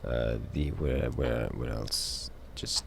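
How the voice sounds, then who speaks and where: A man with a Utah accent chatting casually on a live stream, rambling and halting, with casual swearing. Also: rumbling low, gravelly, a little hiss or hum.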